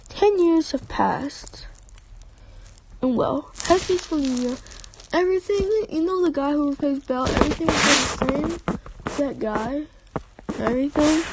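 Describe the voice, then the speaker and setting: A woman's voice: high voice, warm tone, slightly rough. A woman narrating a fan-made story off the cuff, rambling and correcting herself often. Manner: rambling, with frequent restarts and self-corrections.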